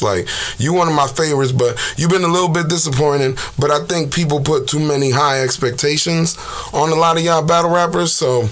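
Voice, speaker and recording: A man's voice: fairly high pitch, fairly bright tone. A man hosting his own show, delivering a heated, profane rant full of street slang and fillers. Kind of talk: casual ranting monologue.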